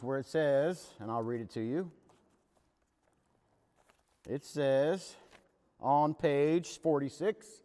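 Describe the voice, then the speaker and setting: A fairly high-voiced man leads a recovery workshop. He talks candidly and plainly, like he's sharing his own story with the group. His voice rings out with a long reverb in a big meeting hall. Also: a little mellow. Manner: earnest, plain-spoken storytelling.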